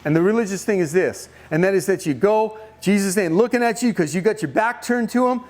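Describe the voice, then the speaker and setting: A man's voice: high-pitched, a little fast. A man giving a youth camp sermon, retelling a Bible story and questioning his listeners. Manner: animated storytelling, questions to the audience. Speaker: camp speaker.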